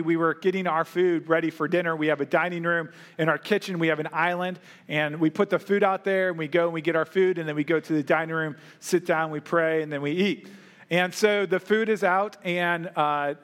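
High-voiced man preaching a sermon. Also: a bit bright. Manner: conversational, anecdotal preaching with rhetorical questions. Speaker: pastor.

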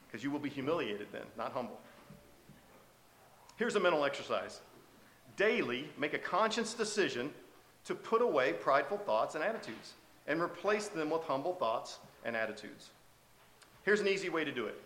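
A man's voice: fairly high pitch, a bit bright, echoey room, a little hiss or hum. A male preacher giving a sermon in a conversational way, often asking the congregation questions. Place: church sanctuary.

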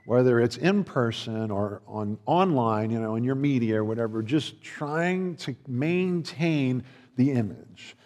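A man's voice: mid-range voice, animated, a little slow, a little mellow. A male pastor giving a sermon in a loose, conversational way, with frequent restarts and playful acted-out dialogue. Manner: acts out others' voices in quoted dialogue. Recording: long reverb of a large hall.

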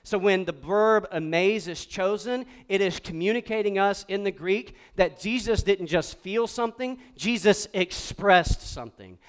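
A pastor preaching a lively sermon to a congregation and calling on them to repeat words back. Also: male voice, sits high, clear, resonant tone. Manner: animated preaching with call-and-response to the congregation. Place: church sanctuary before a congregation.

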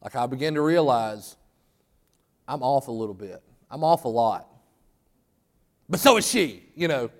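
A man preaching a sermon in a church, talking conversationally and getting animated for emphasis. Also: mid-range voice, a little slow, pauses often, long reverb tail. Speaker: pastor. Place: church sanctuary.

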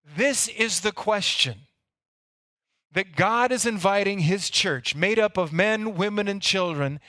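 High, bright-voiced pastor preaching. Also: male voice, takes it slowly, no echo, studio quality. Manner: earnest storytelling, stumbles and repeats words. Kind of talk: sermon.

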